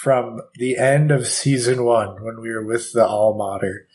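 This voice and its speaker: Slow-talking deadpan man playing a game. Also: medium pitch. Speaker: player.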